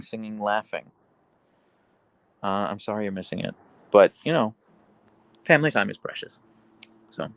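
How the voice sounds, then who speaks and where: A man chats casually on a live stream from his home, reading out viewer comments and rambling between them. His pitch moves around a lot as he talks. The sound is dry and close, with no room echo. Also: gravelly, fairly bright tone. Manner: reads chat aloud, chatty and meandering; baby talk to his dogs in high pitch. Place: home in Seattle.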